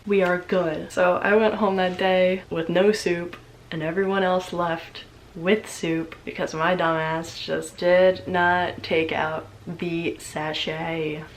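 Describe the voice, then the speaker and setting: A young woman vlogger telling a story in a casual, animated way, with lots of swearing and chatty fillers. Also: on the low side, takes it slowly, a little hiss or hum, rough recording.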